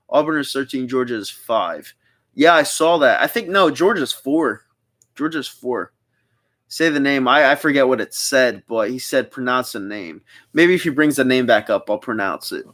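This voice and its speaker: A man's voice: medium pitch, fairly bright tone. Chatty young man reading out live chat. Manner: chatty, rambling, reads chat aloud. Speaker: livestream host.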